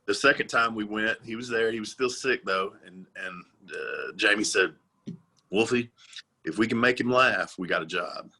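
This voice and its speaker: A man's voice: lowish voice, normal speed, bright, forceful tone, husky. A man, a former pro wrestler, telling laid-back, profane stories as an interview guest. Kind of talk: casual storytelling interview.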